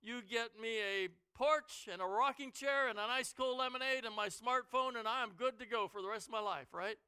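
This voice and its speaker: A man delivers a sermon in a very high, bright and smooth voice, dropping low and quiet, then climbing to shouts. The sound is dry and close, from a headset mic. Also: moderate pace, no room sound. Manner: dramatic, swings from quiet to shouting. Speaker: preacher.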